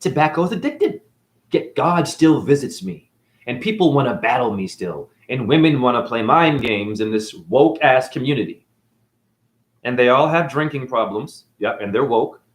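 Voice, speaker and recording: A man's voice: medium pitch, animated, moderate pace. A man as a spiritual teacher, ranting in a defiant, preachy way, swearing and tossing out mocking asides. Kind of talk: unscripted spiritual rant. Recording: echoey room.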